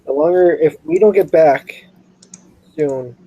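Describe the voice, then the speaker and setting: A man's voice: on the high side, takes it slowly. A man playing in a tabletop game, talking in a practical, insistent way. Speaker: player. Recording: dull lo-fi mic.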